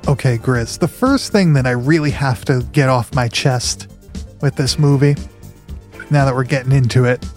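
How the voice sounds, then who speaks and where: A man's voice: mid-range voice, moderate pace, faint music behind. Brief: male podcast host, casual, swears a lot, rambles. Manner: profane, rambling. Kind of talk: casual chat.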